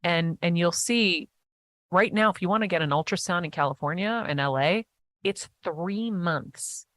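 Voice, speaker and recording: A woman guest in a casual interview chat, talking eagerly in animated bursts with quick restarts. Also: fairly low pitch, no echo.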